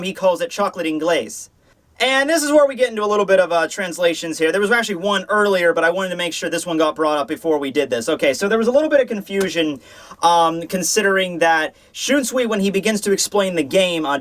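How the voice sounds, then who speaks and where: High-voiced man chatting through a review. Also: fairly bright tone. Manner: chatty, loose, lots of fillers and restarts. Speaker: manga reviewer, channel host. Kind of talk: casual chapter review commentary.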